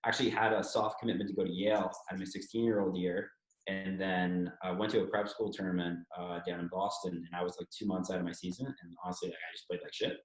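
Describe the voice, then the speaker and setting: Low-voiced and quick, with fairly even intonation, a thirtysomething ex-hockey player from Toronto, Canada recounts his story frankly as a guest on an interview. He swears freely and voices other people's lines himself, and the recording has an echoey room sound.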